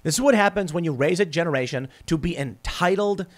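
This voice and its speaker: A male podcast host with a slightly high-pitched voice talks through political commentary in an animated, sarcastic way. He stumbles over his own words, repeating them and restarting sentences as he goes. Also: fairly quick. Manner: animated, sarcastic, mocks opponents in put-on voices.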